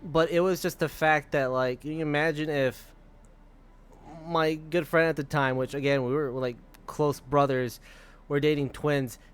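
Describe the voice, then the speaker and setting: A man's voice: a little high, fairly even intonation, measured pace, clear, resonant tone. Laughing young man telling a rambling story. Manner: rambling, laughing, swearing freely. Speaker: streamer. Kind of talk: casual storytelling while gaming.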